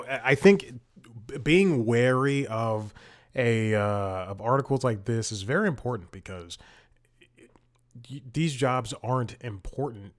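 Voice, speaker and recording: A man hosting a comedic podcast, rambling and self-deprecating, laughing often as he talks. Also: mid-range voice. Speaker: podcast host. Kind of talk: casual comedic podcast monologue.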